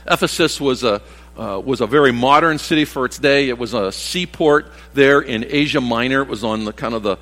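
A man in his sixties preaches briskly in a medium-pitched, slightly bright voice. The sermon is casual and folksy, wandering through asides and restarts, and it's recorded in a church hall with long reverb.

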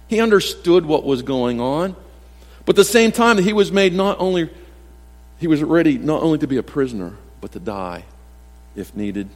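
Pastor preaching in a reverberant hall. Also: male voice, a little high. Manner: conversational preaching with self-deprecating humor and acted-out quotes. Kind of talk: sermon. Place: church sanctuary.

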